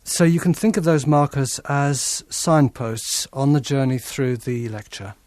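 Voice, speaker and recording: A man's voice: medium pitch, steady tone, unhurried, darkish tone, no room sound. A man explaining lecture structure in a thoughtful, explanatory way, acting out his examples with his own voice. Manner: thoughtful, explanatory, demonstrates his points aloud. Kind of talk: interview explanation.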